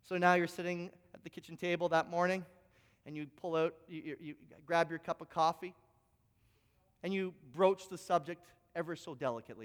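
A man's voice: sits high, moderate pace, big-room sound. A man preaching a sermon, telling stories animatedly, acting out both sides of conversations and often stumbling over repeated words. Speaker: pastor.

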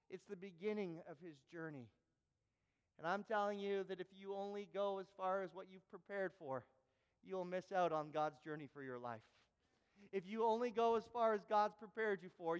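A man preaching a sermon, telling a personal story with stammering restarts and building to loud, fervent exhortation. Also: high-pitched, clean tone, long reverb tail. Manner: stammering restarts when retelling panic.

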